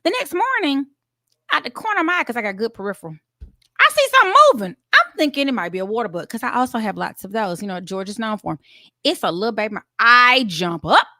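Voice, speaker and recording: A woman, co-hosting a casual talk show and telling stories in an animated, excitable way. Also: a little high, quick pace, no room sound, clean studio sound. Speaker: co-host.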